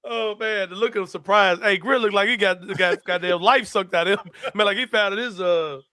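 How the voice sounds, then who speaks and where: A man hosting a casual sports-show chat, a loud, laughing storyteller who swears freely. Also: high-pitched, moderate pace, dry recording, studio quality. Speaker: podcast host.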